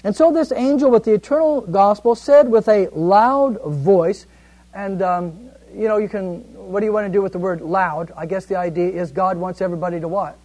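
Man, high-pitched, Bible study teacher; casual class tone, reads verses then explains. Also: moderate pace, darkish tone, rough recording. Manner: conversational, asks the group questions and answers them himself.

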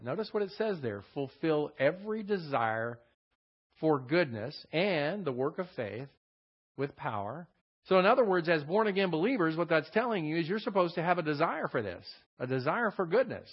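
Man, Bible teacher, conversational lesson, reads verses with emphasis, mid pitch, dull lo-fi recording. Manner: conversational, reads scripture aloud with added emphasis.

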